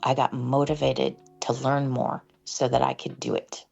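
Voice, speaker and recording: A woman guest shares her experiences in an earnest, heartfelt, reflective way. Her voice sits very low with a gravelly fry. Faint music plays underneath. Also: little pitch movement, normal speed, a little mellow, muffled recording. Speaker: sound practitioner guest. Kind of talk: casual interview conversation.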